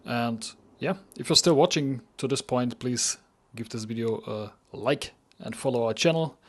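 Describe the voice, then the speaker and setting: Mid-pitched man wrapping up a podcast. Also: unhurried. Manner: short replies, plain sign-off pitch. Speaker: podcast co-host. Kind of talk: casual podcast chat. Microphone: online call setup.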